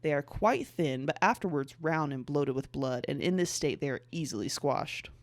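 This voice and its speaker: A young adult podcast host reads long passages aloud in a casual way, tripping over words and starting sentences again. The voice sits at a middling pitch. It is recorded close and dry, with no room echo. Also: expressive, moderate pace. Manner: reads passages aloud with stumbles and restarts, filler "like" between.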